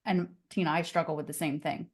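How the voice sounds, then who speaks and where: A woman coaches real estate agents in a live online class over video, energetic and chatty, peppering her talk with "like" and "okay?" to push the group along. Her voice is low-pitched and slightly rough, and she speaks fairly quickly.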